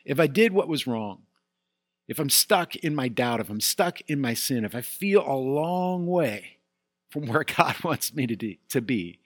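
A man's voice: medium pitch, dry recording, studio quality. A middle-aged man preaching a sermon as pastor, telling a candid personal story and building to emphatic peaks.

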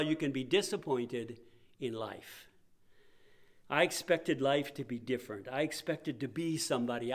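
Man preaching a lively sermon. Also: on the high side. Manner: conversational preaching, acts out quoted voices. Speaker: pastor.

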